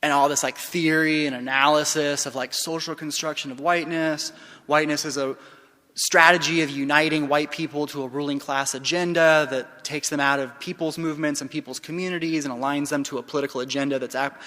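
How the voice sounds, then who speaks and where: A man giving a conference keynote, telling a story with passion, dropping to a hush and then rising loud. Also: fairly high pitch, fairly even intonation, a little fast. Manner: impassioned, shifts from hushed to loud. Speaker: keynote speaker. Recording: long hall reverb.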